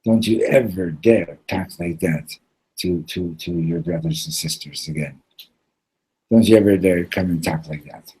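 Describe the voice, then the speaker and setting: A man voicing a sly, quiet village man who speaks in a low, deadpan way. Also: brisk, husky, low-quality recording.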